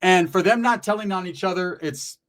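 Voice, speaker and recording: A middle-aged man with a fairly high-pitched voice tells a story in a loose, conversational way. His speech is thick with street slang and swearing. He hammers his points with emphatic asides. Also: fairly quick, a bit bright. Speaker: channel host. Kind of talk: casual storytelling commentary.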